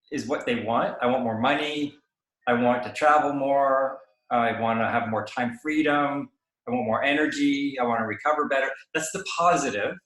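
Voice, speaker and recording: A man with a mid-range voice gives casual coaching on how to draw people out in conversation. He acts out little back-and-forth exchanges and keeps checking in with "right?". The room is bare and echoey, so his voice rings a little. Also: medium pitch. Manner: animated, acts out dialogue, frequent tag "right?". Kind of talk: coaching chat, explaining sales conversations.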